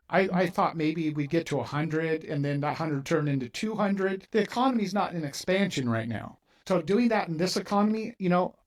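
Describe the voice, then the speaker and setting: Middle-aged male host, slightly high voice, lively storyteller acting out quoted dialogue. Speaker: podcast host, mortgage company owner. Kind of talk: casual interview storytelling.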